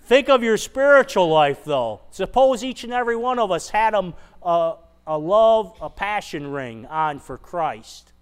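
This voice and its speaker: A man's voice: high-pitched, animated, measured pace, few pauses, smooth. A man preaching a sermon, retelling a scripture passage conversationally and asking the congregation rhetorical questions. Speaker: pastor.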